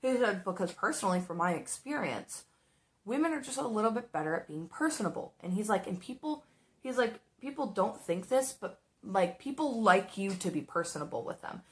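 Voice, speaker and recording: A young woman's fairly quick, mid-range voice relays a casual restaurant-job anecdote while she works on her makeup. She swears, gets animated, and exaggerates the voices of the people she quotes.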